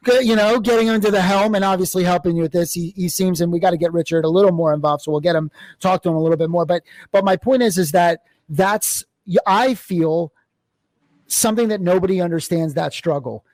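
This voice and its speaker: High-voiced man hosting an interview. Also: a little mellow, no echo. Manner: quick, reasoning aloud, with restarts. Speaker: podcast host. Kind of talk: conversational interview.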